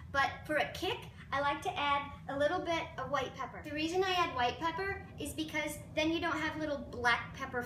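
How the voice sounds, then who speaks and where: Chatty self-deprecating woman cooking at home, high voice, noisy echoey kitchen. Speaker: cooking show host. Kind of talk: casual cooking demo. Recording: roomy, distant, noisy kitchen recording.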